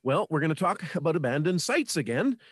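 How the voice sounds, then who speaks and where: A man's voice: fairly high pitch, very animated, brisk, slightly rough, dry recording, clean studio sound. A man from Manitoba, Canada, speaking as a guest in a casual radio interview, earnest and informative with small restarts. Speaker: radio guest on local history.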